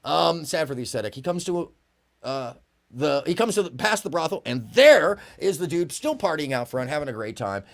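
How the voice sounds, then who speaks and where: A man's voice: on the high side, moderate pace. A man on a discussion panel telling a story casually, with many fillers and restarts. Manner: animated, full of fillers.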